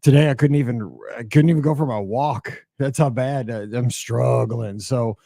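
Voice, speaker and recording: A middle-aged man hosting his podcast alone, talking in a rambling, chatty way with many fillers and restarts, his voice hoarse from a cold and asthma. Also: medium pitch, moderate pace, mellow, dry recording, clean studio sound. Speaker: podcast host. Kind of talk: solo podcast monologue.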